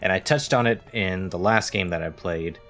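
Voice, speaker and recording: A man's voice: deep voice, moderate pace, fairly bright tone, soft background music. A man streaming a game live, commenting wryly and reading the on-screen text aloud. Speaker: gaming streamer.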